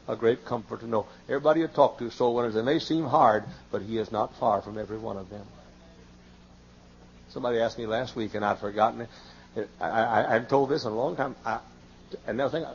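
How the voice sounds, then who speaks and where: A man in his late fifties preaching a sermon, telling folksy stories and often crying out in high, excited bursts. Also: creaky. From Texas. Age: 50s. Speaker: pastor. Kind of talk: sermon with storytelling. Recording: muffled old sermon tape with faint hiss.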